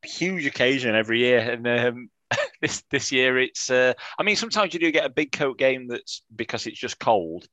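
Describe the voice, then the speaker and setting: A man's voice: mid-range voice, animated, normal speed, pushed and bright, no echo. Wry man, dry close sound. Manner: wry, teasing banter with frequent restarts. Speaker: podcast co-host. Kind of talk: casual football fan chat.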